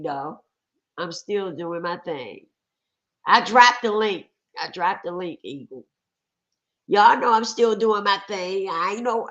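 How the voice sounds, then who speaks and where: Slow-talking hoarse woman livestream host. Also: fairly low pitch. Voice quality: rough voice. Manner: lively, greets viewers in chatty Southern US slang. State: hoarse from a cold. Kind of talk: casual livestream chat.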